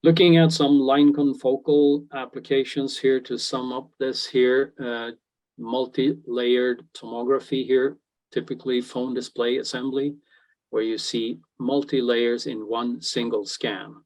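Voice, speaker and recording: Gravelly man presenting a technical webinar. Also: mid-range voice, level tone, a little mellow, rough recording. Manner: halting, frequent "uh" fillers and restarts. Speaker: product presenter.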